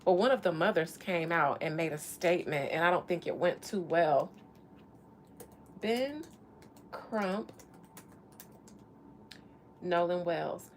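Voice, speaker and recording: A woman's voice: lowish voice, takes it slowly, long pauses, slight background noise. A woman from Florida doing a loose, profane psychic reading in casual livestream chat from a hot room in an old house. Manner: loud, laughing, profane banter. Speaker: psychic reader.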